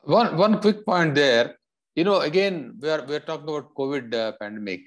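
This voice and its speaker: A man from India speaking as a panelist in a public health discussion, explaining in a measured way. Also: on the high side.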